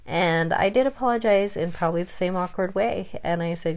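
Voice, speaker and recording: Woman ranting to camera, kinda low voice, heated and frank, a bit embarrassed. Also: moderate pace, creaky. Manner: heated, frank, self-conscious. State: chronically ill. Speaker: vlogger. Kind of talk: personal rant to camera.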